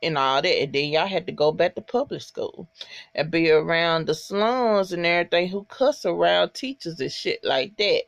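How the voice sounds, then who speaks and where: A vlogger doing a sleazy school coach with a leering, smug menace in every line. His voice is dry and close, with no room sound. He speaks low and threatening. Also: normal speed, creaky, a bit bright, no echo. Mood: menacing.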